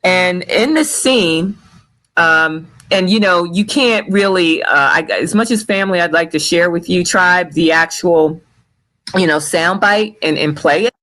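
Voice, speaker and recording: Halting man hosting a video call. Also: high-pitched, pushed and bright, low-quality recording. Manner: halting and distracted, full of restarts and "hold on". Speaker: show host sharing his screen. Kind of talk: casual live video chat.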